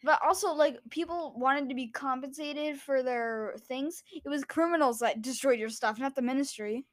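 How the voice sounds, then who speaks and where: A woman's voice: sits high, normal speed. A young woman co-hosting a casual book podcast, adding short comments and dry quips. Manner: brief backchannels and dry quips. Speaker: podcast co-host.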